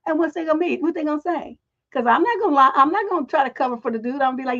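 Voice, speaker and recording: A middle-aged woman hosting a relationship advice livestream, telling stories in a blunt, profane, animated way. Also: high-pitched, rapid-fire, lo-fi sound.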